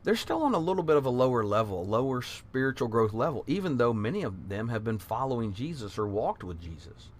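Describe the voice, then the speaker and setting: Bible class teacher, man, earnest and conversational, mid-pitched voice, retells scripture as he goes. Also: very animated, fairly quick, few pauses.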